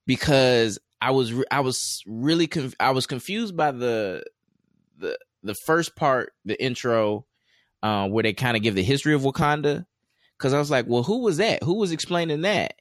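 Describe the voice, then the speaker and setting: Casual male co-host, rambling delivery, mid pitch, dry mic. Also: normal speed, dry recording. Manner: relaxed, rambling with many fillers and restarts. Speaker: podcast co-host. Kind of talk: casual chat.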